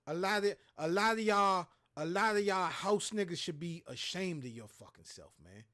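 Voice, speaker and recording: A man's voice: high-pitched, expressive, moderate pace, bright, forceful tone. A man hosting a livestream, ranting in a heated, profane, preachy way. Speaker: show host. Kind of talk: impassioned livestream rant.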